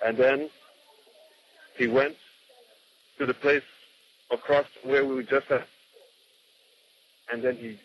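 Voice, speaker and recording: Guy telling a devotional story, kinda rambly, acts out the quotes, muffled recording w/ a bit of hiss. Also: mid-range voice. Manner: unscripted, repeats words, acts out quotes.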